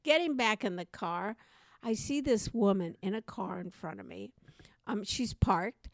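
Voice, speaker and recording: A woman co-hosting a podcast, telling a personal story in an animated, conversational way. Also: mid-range voice, measured pace, no echo, clean studio sound. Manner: animated, acts out quoted voices. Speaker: podcast co-host.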